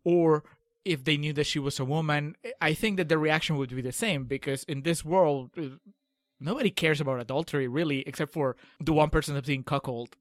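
A man's voice: fairly high pitch, a little fast, no room sound, clean studio sound. A man co-hosting a podcast, chatting wryly about a movie and acting out lines from it. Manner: wry, puts on quoted lines. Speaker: podcast co-host. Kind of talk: casual film-recap chat.

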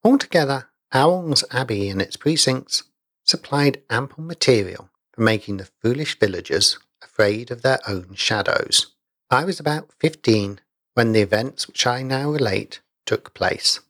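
A man reading a story aloud in a measured storytelling manner. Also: mid-range voice, lively intonation, a bit bright, no echo, clean studio sound. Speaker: narrator. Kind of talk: audiobook reading.

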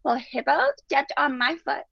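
Chirpy toddler girl voiced by a woman, high sing-song voice, dull lo-fi sound, dry. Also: normal speed, gravelly, bright, forceful tone, breathy edge, dry recording, exaggerated voice. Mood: earnest. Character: chirpy little girl about three.

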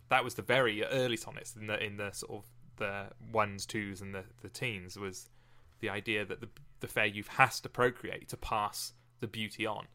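A man co-hosting a casual, animated chat about poetry. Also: fairly low pitch.

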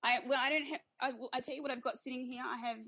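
A woman's voice: sits high, fairly even intonation, rapid-fire, bright, forceful tone. An Australian woman, a guest author, chatting casually in an interview, laughing often and restarting her sentences.

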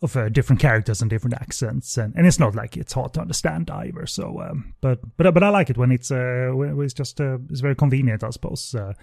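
A podcast host chats casually about a film, musing hesitantly with lots of fillers and restarts. His mellow, medium-pitched voice carries vocal fry, recorded with no echo and clean studio sound.

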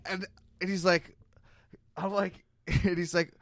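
A man's voice: high voice, level tone, slow, no room sound, clean studio sound. A man in his thirties co-hosting a podcast, telling a rambling story with lots of swearing and self-mocking laughs. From Canada. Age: 30s. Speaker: podcast co-host. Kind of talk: casual storytelling chat.

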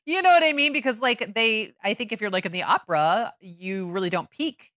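A woman's voice: medium pitch, lively intonation, brisk, a bit bright, dry recording, clean studio sound. A middle-aged woman co-hosting a podcast, chatting easily with fillers and laughter. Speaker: podcast co-host. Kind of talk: casual chat.

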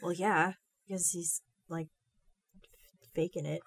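Slow breathy woman, lively pitch. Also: dry recording. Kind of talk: casual chat.

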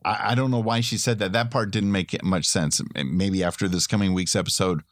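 A man with a fairly low voice, chatting enthusiastically about a TV episode and often laughing along. His voice is recorded close and dry, with no room sound. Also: steady tone, brisk, no echo. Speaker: podcast co-host. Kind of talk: casual TV recap chat.

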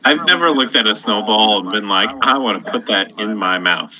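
A man's voice: on the low side, normal speed, bright, forceful tone, muffled recording. A man on a casual podcast who chips in with wisecracks from off to the side. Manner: wisecracking interjections. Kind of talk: casual chat.

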